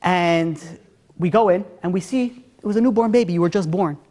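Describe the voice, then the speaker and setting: A man voicing a stern, serious king speaking gravely and measured. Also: high-pitched, mellow, lightly acted.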